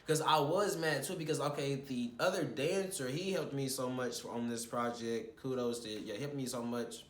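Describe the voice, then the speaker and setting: A man's voice: medium pitch, moderate pace, echoey room. A young man telling a casual vlog story about a stressful shoot, rambling and swearing as he recounts his frustrations. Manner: rambling, animated, swears when retelling frustrations.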